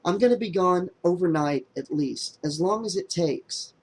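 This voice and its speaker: An earnest, troubled young woman in an audiobook, as a male narrator puts her on, talking in a low, hushed way. Her voice sits a touch above his own. The delivery is grave and quiet. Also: animated, normal speed, poor audio. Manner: soft and hushed, lightly raised voice. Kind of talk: audiobook character voice.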